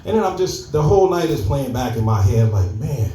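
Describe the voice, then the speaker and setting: A man telling a stand-up story at an open mic, conversational and animated. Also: medium pitch, a little fast, a little hiss or hum. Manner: conversational, animated character voices. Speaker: stand-up comedian. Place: comedy club open mic. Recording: echoey club room, mic at a distance.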